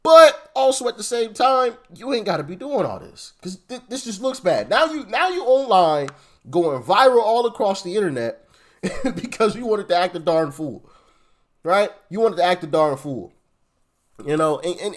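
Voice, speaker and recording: Man, high voice, lively pitch, slangy casual commentary. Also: normal speed. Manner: animated, slangy, talks straight to the viewer. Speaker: commentator reacting to a clip.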